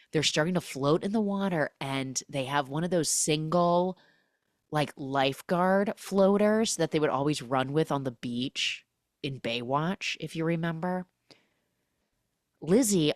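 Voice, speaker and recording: A woman's voice: low voice, dry recording, clean studio sound. A woman hosting a podcast who recaps a film in a chatty, sarcastic way and fills her talk with "like". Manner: chatty, sarcastic, heavy use of "like". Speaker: podcast host.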